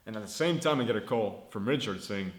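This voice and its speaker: A man's voice: lowish voice, animated, fairly quick, echoey room. Young man telling a story. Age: 20s. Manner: rambling, swears freely, acts out dialogue. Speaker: founder vlogging his startup. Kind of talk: casual storytelling.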